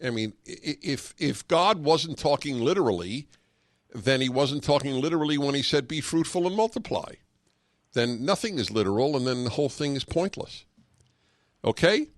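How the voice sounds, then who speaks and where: A man's voice: medium pitch, expressive, normal speed, no echo, clean studio sound. A man hosting a call-in radio talk show, speaking earnestly and emphatically and taking calls. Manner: emphatic, earnest, sarcastic asides.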